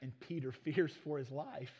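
A male preacher, retelling Bible stories in a lively sermon and acting out the characters in folksy voices. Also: medium pitch, normal speed, slightly rough. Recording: dull muffled recording.

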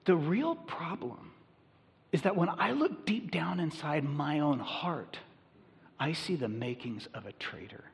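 A man's voice: fairly high pitch, animated, a little slow, creaky, slightly rough, big-room sound. A man preaching a sermon as a pastor, conversational and emphatic.

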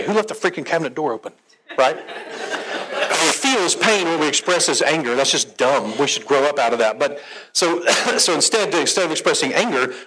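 A man's voice: mid-range voice, rough recording. Middle-aged man speaking to a conference crowd. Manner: conversational, animated, asks the audience questions. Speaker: marriage conference speaker and therapist. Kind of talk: live talk to a conference audience. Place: conference hall with a live audience.

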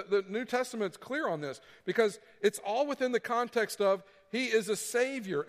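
High-voiced preaching man in a hall. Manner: preaching with emphatic repetition and acted-out quotes. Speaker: pastor. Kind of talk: sermon.

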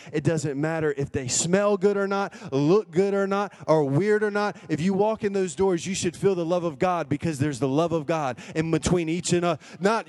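High-voiced preacher exhorting his church. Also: a little mellow. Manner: exhorting, rising to emphatic peaks. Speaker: pastor. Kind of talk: sermon.

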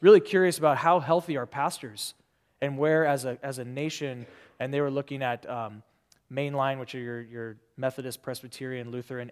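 A man's voice: mid-range voice, smooth, big-room sound. A man giving a sermon as pastor, talking in a loose conversational way full of fillers and restarts.

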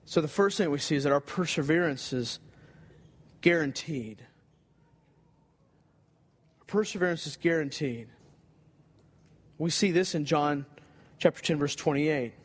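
Male preacher, earnest and emphatic, high voice, long hall echo. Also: unhurried, pauses often, husky. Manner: earnest, emphatic, repeats key phrases. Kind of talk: sermon.

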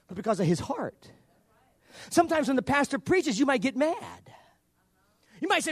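A male pastor preaching a sermon in an emphatic, repetitive way that builds up to shouting. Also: very high-pitched, sing-song, normal speed, long pauses, dry recording.

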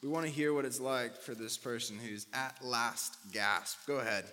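Joking young pastor in an echoing hall. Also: male voice, medium pitch, bright, forceful tone, slight background noise. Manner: joking, brisk coaching. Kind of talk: casual sermon with audience readings. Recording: reverberant hall, faint ambience.

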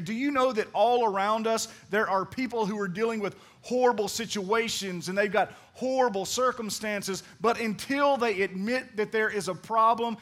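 A man's voice: sits high, a bit bright. A man preaching a sermon, calling on the congregation to answer back and acting out the voices in his stories. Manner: preaching with call-and-response to the congregation; dramatic, acts out quoted voices. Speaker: pastor.

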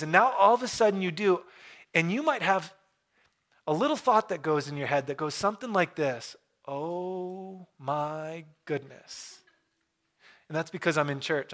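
A pastor preaching a sermon in a church, earnest, dropping into hushed pauses for effect. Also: male voice, fairly high pitch. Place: church room.

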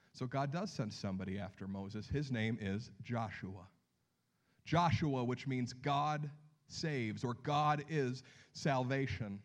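A man preaching a sermon as pastor, telling the story with lively acted-out voices and dropping to hushed near-whispers for emphasis. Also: medium pitch, measured pace.

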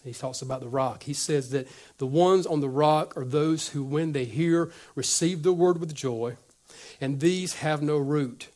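A male pastor preaching a sermon, acting out little conversations and dropping to a near whisper at times. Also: on the high side. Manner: animated, acts out dialogue, drops to whispers.

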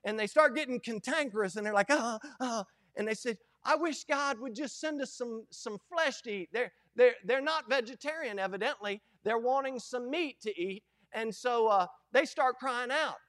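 A middle-aged man preaching a sermon as pastor, folksy and animated, acting out quoted lines. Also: very high-pitched, moderate pace, hardly any pauses.

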